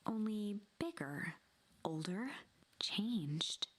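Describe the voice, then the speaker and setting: A woman narrating a game like a storybook, in a hushed, breathy, whispery voice. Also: medium pitch, lively intonation, drawn-out words. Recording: game audio with faint music.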